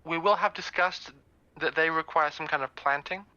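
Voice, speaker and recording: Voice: medium pitch, normal speed, pushed and bright, dry recording, dull audio. A player in a tabletop game describing their character's actions, stumbling and repeating words.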